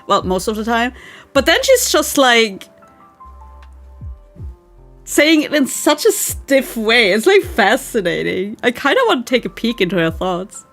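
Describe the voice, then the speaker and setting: A woman's voice: fairly high pitch, big pitch swings, a little slow, a bit bright, soft background music. A young woman streaming live, reading a fanfic aloud and reacting to chat with giggly disbelief. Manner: giggly, incredulous, talks to chat. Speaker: virtual streamer.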